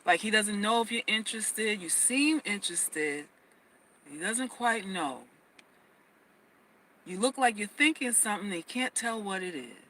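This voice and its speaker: Woman host, bright tone, emphatic casual livestream advice, repeats herself. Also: mid-range voice, expressive, unhurried, slight background noise, low-quality recording. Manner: emphatic, repeats phrases, stammers on restarts.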